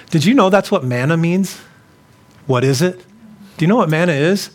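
A man's voice: high voice, very animated, a little slow. A middle-aged man preaching a sermon to a congregation in a loose, conversational way, often repeating himself and putting questions to the listeners. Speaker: pastor.

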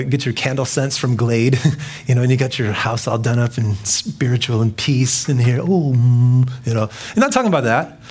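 A man's voice: mid-range voice, a little hiss or hum. A man pastor preaching a sermon in a casual, joking way, acting out quoted voices and laughing at himself.

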